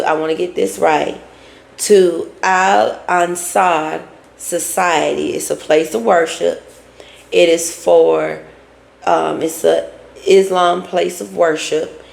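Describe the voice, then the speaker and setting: A woman's voice: lowish voice, fairly even intonation, slow pace, creaky. A woman giving a casual recap of a reality show, acting out what each person said and now and then breaking into song. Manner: retells scenes acting out both sides, breaks into song. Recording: echoey room.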